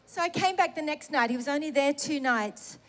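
A middle-aged woman telling a personal testimony in a sermon, animated and self-mocking, laughing through emotional moments. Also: high voice, fairly quick. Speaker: preacher sharing a testimony.

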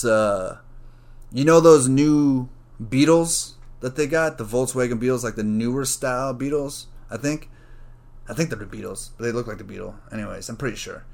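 A man hosting a solo podcast, rambling casually and thinking out loud, with plenty of swearing and filler words. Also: medium pitch, creaky. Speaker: podcast host.

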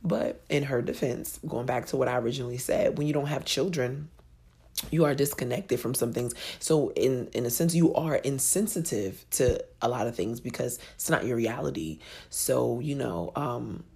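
Woman in her 30s with a really low husky voice, telling her story straight up, cursing and laughing. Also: normal speed, darkish tone. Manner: frank and profane, laughing easily. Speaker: podcast host. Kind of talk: candid personal storytelling.

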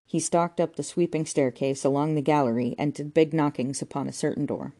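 Audiobook narrator: woman, low, mellow voice, wry and dry. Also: fairly even intonation, a little fast. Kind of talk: reading a comic novel aloud.

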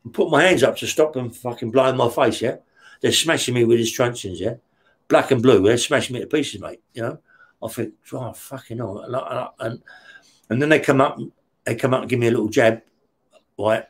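A man telling a rough story from his past in a casual interview, swearing often and checking in with "yeah?" after nearly every phrase. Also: medium pitch, a little fast. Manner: blunt, heavy swearing, keeps checking with "yeah?". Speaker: interview guest recounting prison life.

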